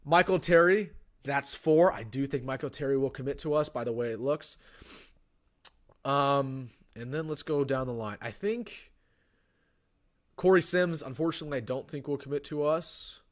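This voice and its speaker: A man's voice: mid-range voice, normal speed. A young man hosting a casual sports live stream, thinking aloud with frequent restarts and ums. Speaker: sports livestream host.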